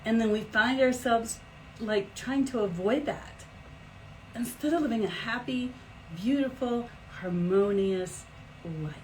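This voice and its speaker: A middle-aged woman hosting a live stream as an energy healer, talking in a chatty, animated way with big swoops in pitch. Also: measured pace, a little hiss or hum, rough recording. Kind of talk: casual live-stream talk.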